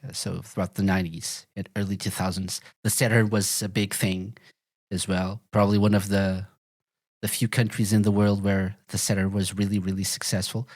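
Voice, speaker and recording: A man's voice: lowish voice, level tone, normal speed, a little mellow, no echo. A man speaking as a podcast guest in casual chat, hesitant, with fillers and repeated words.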